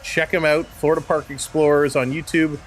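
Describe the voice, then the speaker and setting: A Canadian-accented man hosts a live hockey stream, calling the play-by-play in a fairly high, brisk voice with little pitch movement. He's upbeat, greeting chatters by name between game calls.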